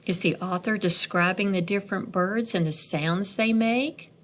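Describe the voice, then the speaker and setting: A woman teacher with a lowish voice reads a picture book aloud to young children, slowly and expressively. She pauses along the way to imitate bird calls and ask the kids questions.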